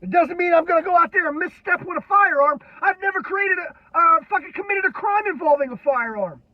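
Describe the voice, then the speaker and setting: Irate, cursing high-pitched man. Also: brisk, no room sound. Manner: irate, heavily profane, shouting. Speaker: military veteran ranting on video. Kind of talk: angry political rant. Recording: dull lo-fi, dry sound.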